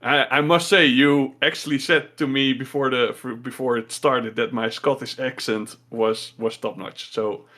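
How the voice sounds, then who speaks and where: A man hosting a podcast, halting and laughing easily, with lots of "uh" and restarts. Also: mid-range voice, fairly even intonation, bright, forceful tone. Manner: hesitant, laughs often, many "uh" and restarts. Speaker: podcast host. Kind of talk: casual chat.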